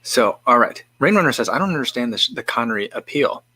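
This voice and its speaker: Bright-voiced man rambling casually. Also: medium pitch, big pitch swings, fast talker, husky, no echo. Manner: musing and rambling, with frequent self-interrupting restarts. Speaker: livestream host. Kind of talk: casual chat, reading viewer comments.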